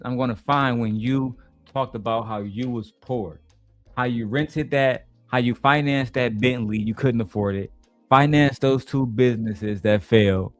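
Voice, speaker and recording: A man's voice: mid-range voice, no room sound. A man hosting a casual reaction commentary, profane and mocking, laughing often. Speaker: commentary host.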